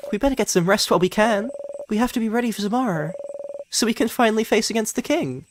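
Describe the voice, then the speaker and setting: Man playing a perky young woman companion, teasing, high sing-song, hissy home mic. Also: fast talker, lightly acted. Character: cheerful, chatty young woman friend.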